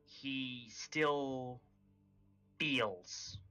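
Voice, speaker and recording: A man playing his character at a tabletop game, explaining slowly and deliberately with stumbling restarts. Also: mid-range voice, bright, forceful tone, smooth, faint music behind, low-quality recording. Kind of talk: in-character tabletop role-play.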